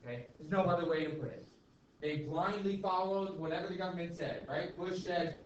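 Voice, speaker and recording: A man's voice: high voice, a little fast. A male teacher lecturing a class in a casual, chatty way, checking in with "okay?" and "right?" all the time. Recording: echoey classroom, far mic, dull and noisy.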